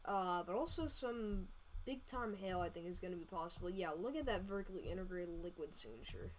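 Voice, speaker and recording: A woman hosting a live storm-tracking stream, talking casually over radar with many fillers and quick self-corrections. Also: medium pitch, a little mellow, a little hiss or hum, low-quality recording. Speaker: storm-tracking livestream host. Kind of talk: live weather radar commentary.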